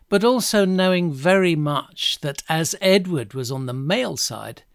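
A man's voice: a little high, dry recording, clean studio sound. A middle-aged man telling history in a casual, chatty way, with wry asides. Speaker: podcast host.

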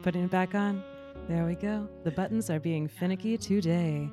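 A woman's voice: on the low side, normal speed, over music. A woman co-hosting a podcast, playful and giggly in casual chat. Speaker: podcast co-host.

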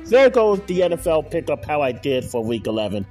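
Annoyed guy going over his football picks, voice jumps all over, a little high, quiet music behind. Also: big pitch swings. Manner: frustrated, muttering, drawn-out score readouts. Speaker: podcast host. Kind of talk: casual solo sports picks recap.

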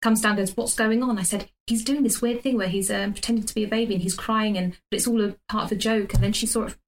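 A woman's voice: medium pitch, fast, slight background noise, low-quality recording. Teasing woman telling stories. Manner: animated storyteller, teasing. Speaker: podcast co-host. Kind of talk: casual chat.

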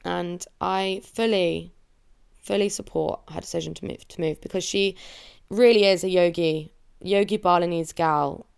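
Young woman, from England, solo podcast host, gravelly voice, open emotional chat, cracks near tears. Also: lowish voice, steady tone, a little slow. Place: at home under a blanket.

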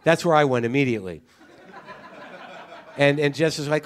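A man's voice: fairly high pitch, moderate pace, long pauses. A man hosting a podcast, telling an exasperated, profane story in a casual comedic monologue. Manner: ranting, profane, incredulous storytelling. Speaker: podcast host.

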